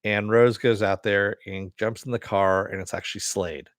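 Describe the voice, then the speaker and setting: A man's voice: lowish voice, steady tone, normal speed, dry recording, studio quality. A man casually recapping a TV episode, rambling loosely with many fillers and quoted lines. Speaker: TV episode reviewer.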